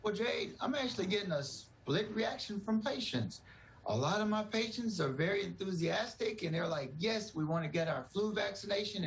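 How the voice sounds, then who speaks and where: A man's voice: high voice, creaky, poor audio. A man, a doctor, giving earnest, reassuring explanations in a TV news interview.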